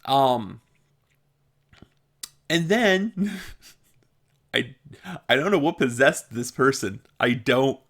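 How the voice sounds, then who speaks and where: Young male vlogger with a mid-range voice, casual and chatty, quick to laugh. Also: mid-range voice, expressive, a bit bright. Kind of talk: casual storytelling monologue.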